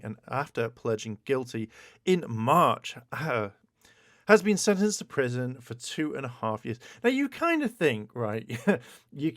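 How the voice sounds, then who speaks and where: A man hosting a casual video, commenting on gaming news in an animated, exclaiming way with stammered repeats. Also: medium pitch, dry recording, studio quality. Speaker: YouTube host.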